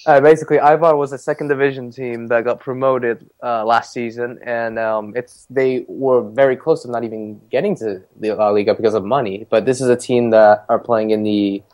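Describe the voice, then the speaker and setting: A man's voice: medium pitch, steady tone, moderate pace, hardly any pauses, darkish tone. A man co-hosting a football podcast, reading out weekend results in a jokey, casual way. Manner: jokey, chatty. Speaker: podcast co-host. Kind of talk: casual chat recapping league results.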